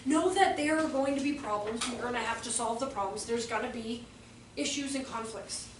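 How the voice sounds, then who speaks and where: High-voiced animated woman leading a workshop. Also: moderate pace. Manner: animated, acts out voices and exclamations. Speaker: early childhood trainer. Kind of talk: workshop talk to teachers. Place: room with a live audience. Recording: roomy echo, voice from a distance, faint background noise.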